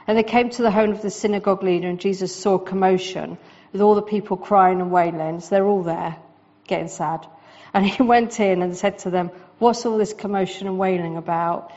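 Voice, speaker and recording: A woman preaching a sermon in a lively, conversational way, with quick asides to the congregation. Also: medium pitch, dull audio.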